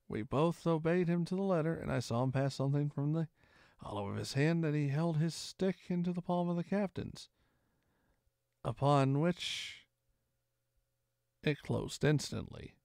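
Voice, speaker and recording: A man narrating an adventure novel aloud with expressive first-person storytelling. His gravelly voice sits fairly high and swings widely in pitch. The recording is dry and close. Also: a little slow, pauses often, no room sound. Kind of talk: reading a classic novel aloud.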